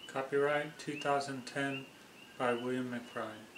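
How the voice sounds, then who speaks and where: A man reading his own comic story aloud in a flat, unhurried way. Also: medium pitch, slight background noise. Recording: echoey room.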